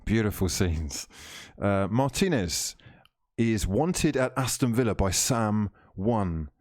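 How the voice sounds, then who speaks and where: A man's voice: lowish voice, lively intonation, slow, darkish tone. Chatty man hosting a football watchalong. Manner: chatty, reads chat comments aloud, teasing, laughs often. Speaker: live stream watchalong host. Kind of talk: casual live football watchalong chat.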